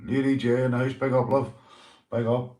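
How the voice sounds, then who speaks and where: A man's voice: mid-range voice, little pitch movement, normal speed, dark tone, roomy sound. A young man with a Northern Irish accent, hosting a casual livestream, greeting viewers and swearing freely, calling everyone mate. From Northern Ireland. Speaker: livestream host.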